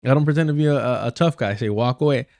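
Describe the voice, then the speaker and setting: Racing along in a medium-pitched, creaky, slightly mellow voice, a livestream host delivers a casual rant. He swears bluntly, uses heavy slang, and tells stories by repeating himself for emphasis and stopping to fix his sentences. There's no room sound.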